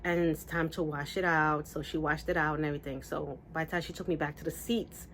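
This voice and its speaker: A woman's voice: fairly quick, slight background noise. A woman vlogger casually telling a story to camera, rambling with restarts and asides. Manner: lively, acts out quotes with big pitch jumps. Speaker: beauty vlogger.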